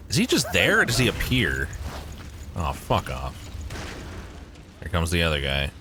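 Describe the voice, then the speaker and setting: A man's voice: low voice, huge pitch swings, a little slow, noisy background. A young man streaming a game live, chatting with his viewers, swearing often and joking sarcastically.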